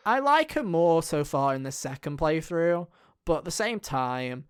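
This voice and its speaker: A man's voice: on the high side, sing-song, measured pace, smooth. A man chatting casually on a gaming podcast, rambling and swearing with lots of fillers. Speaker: podcast co-host.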